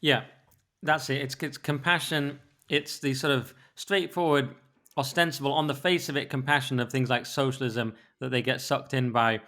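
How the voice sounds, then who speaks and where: A British man co-hosting a podcast, chatting casually and opinionatedly, often slipping into quick impressions of other people. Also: medium pitch. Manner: fast, animated, acts out voices of others. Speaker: podcast co-host.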